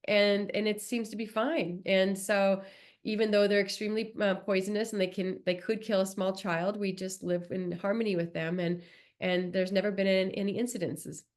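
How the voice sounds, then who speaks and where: A Southern California woman guesting on a podcast tells a personal story in a casual, animated way, acting out the voices of the people she quotes. Her voice is mid-range and she talks at a normal speed.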